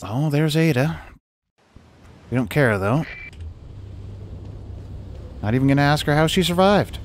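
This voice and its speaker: A young man casually commenting on a video game run, sarcastic and given to yelling at characters. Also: fairly high pitch, lively intonation, a little slow. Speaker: gaming YouTuber. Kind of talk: casual let's-play commentary. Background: game music.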